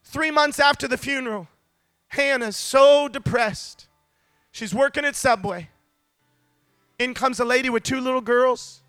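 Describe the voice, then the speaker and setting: A man preaching a sermon to a congregation, fervent and building to shouted climaxes, calling out to the listeners. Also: very high-pitched, a little slow, long pauses, clear, resonant tone, no room sound, studio quality, faint music behind. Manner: calls out to the congregation.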